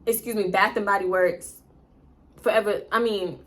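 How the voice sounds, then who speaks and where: Young woman, casual storytime, animated, crisp bright tone. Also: mid-range voice, moderate pace. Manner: animated, profane, laughing asides. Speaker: storytime vlogger.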